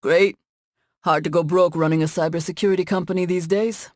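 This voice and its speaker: A woman's voice: lowish voice, steady tone, brisk, dry recording, studio quality, lightly acted. A woman voicing an easygoing, joking middle-aged man who runs a tech company, in an audiobook.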